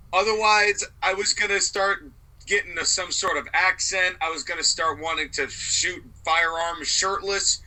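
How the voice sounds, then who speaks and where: A man's voice: high voice, moderate pace, pushed and bright, low-quality recording. A man co-hosting a podcast, talking in a rambling, self-deprecating way. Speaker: podcast co-host. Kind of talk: casual podcast chat.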